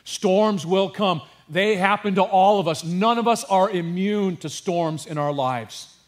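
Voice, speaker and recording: A man preaching a sermon with passion, dropping to a hush and rising to emphasis, with casual asides to his congregation. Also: high-pitched, unhurried. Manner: passionate, swings from hushed to emphatic. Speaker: pastor.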